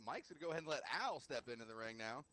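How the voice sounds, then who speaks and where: A man's voice: mid-range voice, lively intonation, very fast, bright, forceful tone, slight background noise. A man casting a live game stream, joking and bantering between calls. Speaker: esports caster.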